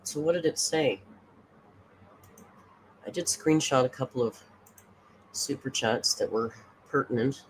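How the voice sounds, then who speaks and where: A woman's voice: rumbling low, unhurried, long pauses, a little hiss or hum. A woman hosting a casual livestream reaction, sarcastic and swearing freely as she reads comments aloud. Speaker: reaction streamer host.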